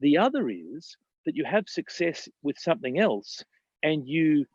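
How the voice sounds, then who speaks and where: A man's voice: a little high, very animated, a little slow, a little mellow, husky, no room sound, lo-fi sound. A man, a business coach talking emphatically in casual podcast chat, often repeating himself and asking "right?".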